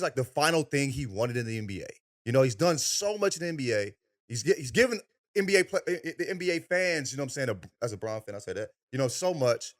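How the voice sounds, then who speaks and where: A man co-hosting a sports podcast, talking in a casual, profane, slang-heavy way. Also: a little high. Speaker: podcast co-host.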